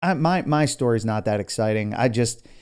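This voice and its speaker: Relaxed male podcast co-host with a mellow, low-key voice who spins easygoing anecdotes. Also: normal speed, clear, resonant tone. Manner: laid-back storyteller, says dude and man. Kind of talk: casual podcast chat.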